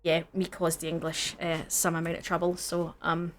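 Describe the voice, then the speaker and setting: A woman from the Scottish Highlands with a Scottish accent, co-hosting a gaming video and chatting casually, rambling with lots of fillers and restarts. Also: monotone, normal speed. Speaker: gaming channel co-host. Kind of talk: casual chat while gaming.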